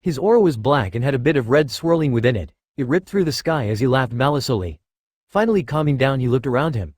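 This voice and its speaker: A man narrating a fan-written story aloud in a steady, even way. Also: medium pitch, fast, dry recording, studio quality. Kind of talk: reading fan fiction aloud.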